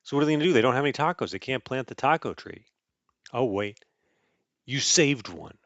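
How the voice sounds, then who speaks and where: Guy reading a kids picture book out loud, playful and goofy, muffled dull sound, no room echo. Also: medium pitch, fairly quick. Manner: playful, animated, chuckling, with sound effects. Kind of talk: casual storybook read-aloud.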